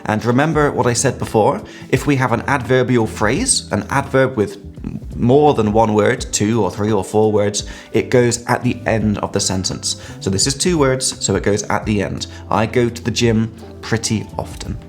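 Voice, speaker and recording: A man's voice: fairly low pitch, normal speed, soft background music. A man from England with an English accent, an English teacher explaining grammar to learners, stretching and stressing key words as he goes.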